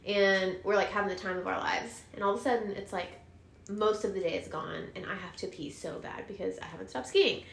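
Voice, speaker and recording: A woman's voice: mid-range voice, brisk, vocal fry. A young woman from Texas telling a funny story in casual chat, upbeat, in short clipped phrases. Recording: echoey room.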